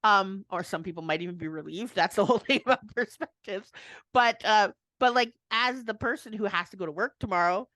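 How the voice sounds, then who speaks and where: A woman's voice: medium pitch, brisk, fairly bright tone, dry recording. A woman co-hosting a casual chat, rambling and laughing often as she restarts her thoughts. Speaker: co-host.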